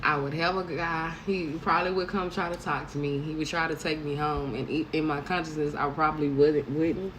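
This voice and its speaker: Low-voiced blunt woman in her thirties. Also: a little fast, few pauses, a bit bright, a little hiss or hum, poor audio. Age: 30s. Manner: blunt, profane storytelling with bursts of laughter. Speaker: vlogger. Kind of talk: casual monologue to camera.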